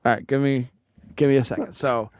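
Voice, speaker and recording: A man's voice: mid-range voice, brisk, no room sound, studio quality. A man co-hosting a radio quiz show, joking goofily in playful banter. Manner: joking, goofy, deadpan asides.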